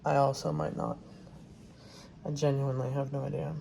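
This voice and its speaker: A young woman casually chatting in a vlog at home, tired and unhurried, swearing now and then. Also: rumbling low, level tone, vocal fry, warm tone, a little hiss or hum. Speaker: vlogger, truck driver.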